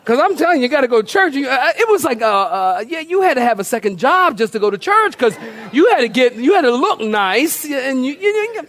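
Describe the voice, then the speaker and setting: A man's voice: very high-pitched, sing-song, a little fast, a bit bright. A middle-aged man preaching a humorous, storytelling sermon in a church, often repeating words as he goes. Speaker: pastor.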